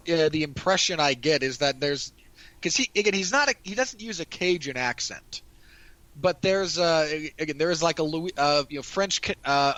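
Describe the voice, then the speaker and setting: A man's voice: a little high, a bit bright, no room sound, rough recording. A man hosting a casual movie review podcast, rambling with many restarts and repeated "again". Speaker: podcast host.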